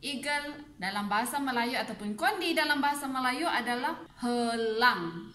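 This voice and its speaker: Bright-voiced woman teaching vocabulary in an echoey room. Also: a little high, expressive. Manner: repeats words slowly, mixes English and Malay, laughs at herself. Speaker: language teacher on a video channel. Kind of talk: casual language lesson.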